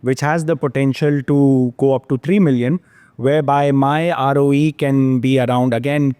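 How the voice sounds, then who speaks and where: A man's voice: medium pitch, steady tone, moderate pace, warm tone, clean tone, no room sound. A man hosting a podcast, talking through property figures in an analytical way and checking in with "yeah?". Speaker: podcast host, real estate analyst. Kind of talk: podcast discussion.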